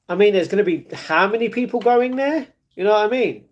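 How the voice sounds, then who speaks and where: A man's voice: high-pitched, animated, a little fast, hardly any pauses. A man live streaming, chatting casually and reading viewer comments aloud, often laughing.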